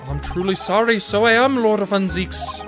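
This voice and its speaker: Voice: medium pitch, normal speed, voice pushed up, lightly acted. Streamer doing a blustering stage-Irish witness. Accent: put-on Irish. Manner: hearty brogue, folksy turns of phrase. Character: boastful middle-aged male Irish witness. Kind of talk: reading game dialogue aloud on stream. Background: game music.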